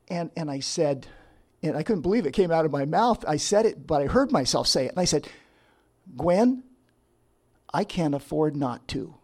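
A man's voice: on the high side, expressive, moderate pace, darkish tone. Man telling a personal story. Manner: storytelling, acts out quotes, self-interrupting restarts. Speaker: licensed professional counselor. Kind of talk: personal testimony talk.

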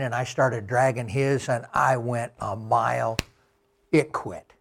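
A middle-aged man giving a talk with slides, telling travel anecdotes slowly with many fillers. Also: mid-range voice, gravelly, husky. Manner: slow, unhurried anecdotes with fillers. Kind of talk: storytelling talk.

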